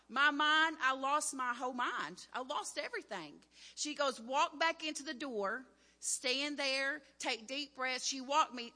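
Female preacher, high and bright, earnest storytelling sermon, church hall with a long echo. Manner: personal storytelling, earnest and emphatic.

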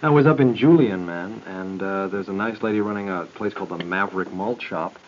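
A man's voice: sits low, a little fast. A man trading loose, jokey, rambling banter on a comedy radio show, dropping "man" as he goes. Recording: noisy lo-fi 1970 radio broadcast.

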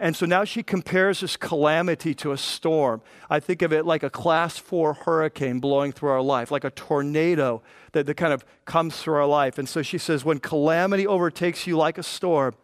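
Man, pastor, sermon, high-pitched, dry sound, animated delivery. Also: no room sound. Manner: animated preaching, quotes scripture in lively voices.

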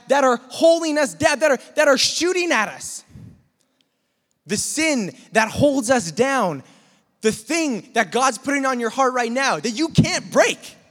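A man telling a lively personal story in a sermon, sometimes imitating gunfire and shouting. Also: very high voice. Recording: long reverb of a hall.

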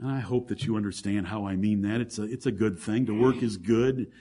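A male pastor preaching a sermon, swinging from fervent raised passages to quiet, intimate asides to the congregation. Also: fairly low pitch, steady tone, brisk. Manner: addresses congregation as brethren, rhetorical questions.

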